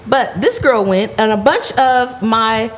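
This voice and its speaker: A woman co-hosting a casual podcast, telling stories in a lively, chatty way. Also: a little high, slow. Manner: chatty, animated storyteller. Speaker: podcast co-host.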